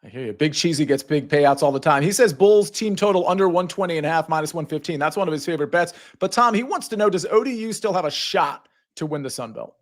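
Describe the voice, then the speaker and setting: A man's voice: on the high side, fast, hardly any pauses. A man hosting a sports betting show, casually reading out viewer questions and passing them to his panel. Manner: upbeat, reads chat questions aloud. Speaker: show host.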